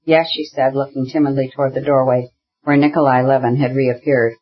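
A narrator reading a classic novel aloud in a steady, measured way. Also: medium pitch, husky, lo-fi sound. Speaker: audiobook narrator.

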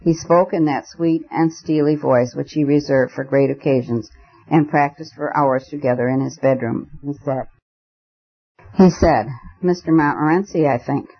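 A man narrating a story aloud as an audiobook reader, in a measured, expressive way. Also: on the high side, muffled recording. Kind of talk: scripted narration.

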